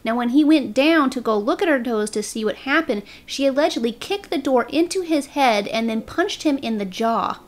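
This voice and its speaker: A woman's voice: high voice, expressive, moderate pace, hardly any pauses. A woman, a commentary YouTuber, reading a scripted narration aloud and openly taking sides as she goes. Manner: opinionated, openly takes sides in her narration.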